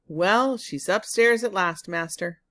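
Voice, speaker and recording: A woman's voice: mid-range voice, takes it slowly, fairly bright tone. A woman reading a storybook aloud, voicing a young farm boy servant who grumbles and sounds puzzled. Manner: complaining, bewildered.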